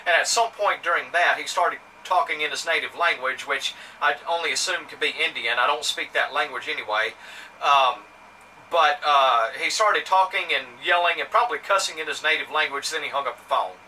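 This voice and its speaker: A man's voice: fairly high pitch, moderate pace, sharp tone. A man from Mississippi with a Southern accent, telling a story to camera in a rambling, indignant way, with lots of fillers and restarts. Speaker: vlogger. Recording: somewhat distant mic with faint ambient noise.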